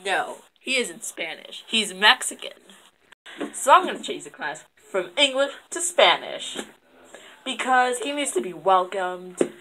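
A woman's voice: medium pitch, expressive, measured pace, noisy background, close to an everyday voice. A woman voicing a mean, sarcastic male schoolteacher who sneers at his class. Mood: bossy. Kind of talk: fan puppet comedy acting.

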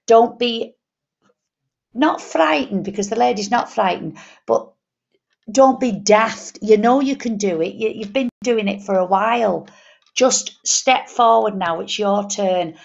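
A woman's voice: medium pitch, measured pace, vocal fry, highs cut off. A woman medium on a live show, passing on spirit messages in a homely way and repeating key phrases. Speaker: psychic medium co-reader. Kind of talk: live online reading show.

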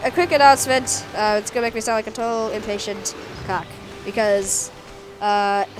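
A woman hosting a gameplay video with casual commentary, excitable and jokey, talking to her game units. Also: fairly high pitch. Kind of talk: casual let's-play commentary.

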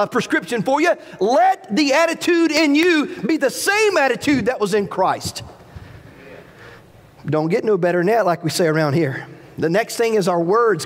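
High-voiced preaching man in a reverberant hall. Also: fairly bright tone. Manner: preaching with rising emphasis, folksy asides. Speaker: pastor. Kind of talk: sermon. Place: church sanctuary.

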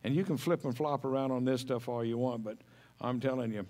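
A man's voice: medium pitch, fairly even intonation, fairly quick, darkish tone. A middle-aged man preaching a sermon as pastor, folksy and homespun, telling stories with humor.

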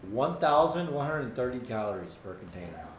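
Teasing man with a lively voice. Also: medium pitch, moderate pace. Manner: teasing, blunt, swears freely. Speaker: streamer host. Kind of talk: casual chat. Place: house room. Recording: echoey room with background noise.

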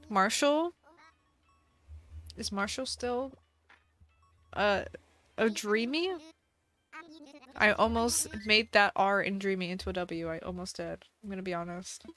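A woman's voice: mid-range voice, fairly bright tone. A woman live-streaming a game, casually reading viewer questions aloud, playful and giggly with bursts of mock outrage.

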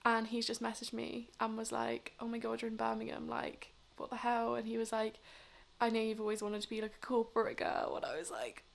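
Drunk and tired late at night, this twenty-something vlogger rambles to camera, packing her chatty talk with fillers. She speaks briskly in a steady, fairly high, gravelly voice.

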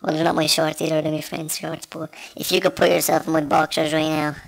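A man's voice: on the high side, little pitch movement, fairly quick, gravelly, no room sound. A man with a Dublin Irish accent rambles through casual gameplay commentary into a small desktop microphone, cracking crude, self-mocking jokes. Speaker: gamer.

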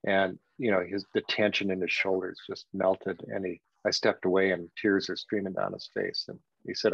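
Gravelly older man telling a story. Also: low voice, little pitch movement, no echo. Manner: reflective, halting storytelling with many "you know"s. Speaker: guest. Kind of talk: storytelling in a podcast interview. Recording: dull, dry lo-fi sound.

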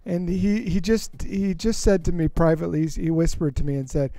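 High-voiced young man teasing his co-host. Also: normal speed, warm tone, no room sound. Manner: teasing, jokey. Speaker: co-host of a Minecraft channel. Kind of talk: casual gameplay chat on a live stream.

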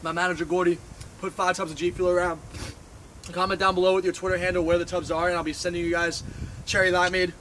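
A man's voice: high voice, flat delivery, fast, pushed and bright, a little hiss or hum, poor audio. A young man hosting a casual vlog, complaining playfully about sore muscles and a mouth burning from hot sauce. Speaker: YouTuber host.

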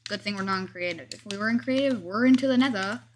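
A gameplay video host with a mid-range voice talks quickly and casually, commenting on every move and making jokes at her own expense. There's a little hiss or hum in the recording.

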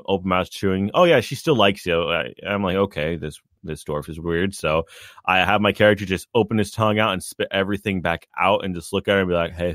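A man telling a tabletop game story in a casual chat, animated and acting out his character's shouted lines. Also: low voice, no echo, clean studio sound.

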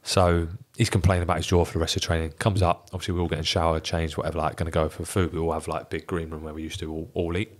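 A man's voice: low-pitched, flat delivery, very fast, few pauses. An ex-footballer telling a story on a podcast in casual chat, swearing often and laughing as he goes. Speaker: ex-professional footballer guest.

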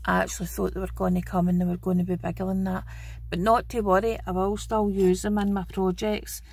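Husky, gravelly Scottish woman, chatty. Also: mid-range voice, flat delivery, a little fast, darkish tone, no room sound. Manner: chatty and homely, fond of 'wee'. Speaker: craft channel host. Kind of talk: casual show-and-tell haul video.

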